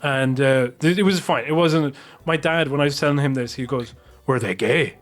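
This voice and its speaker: A man's voice: fairly high pitch, fairly quick. A man on a podcast telling a long, rambling anecdote with plenty of swearing. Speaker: podcast co-host. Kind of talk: casual podcast chat.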